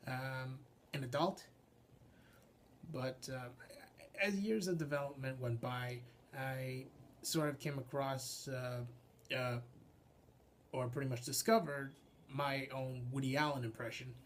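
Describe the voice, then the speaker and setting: A young adult man, a puppeteer and voice actor, explaining his craft informally and haltingly, often restarting his sentences. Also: mid-range voice, slight background noise. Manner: halting, restarts sentences, frequent filler sounds.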